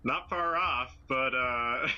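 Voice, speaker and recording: A man's voice: medium pitch, drawn-out words, sharp tone, highs cut off. A man playing a tabletop game over a call, hesitant and joking. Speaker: player. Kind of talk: casual game chat. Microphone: computer mic, online call.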